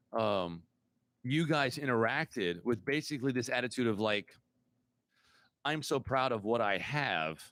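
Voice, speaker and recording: A man's voice: fairly low pitch, a bit bright. Rambling casual man hosting a podcast. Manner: rambling, repeats words while searching for them. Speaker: podcast host. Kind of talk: casual chat.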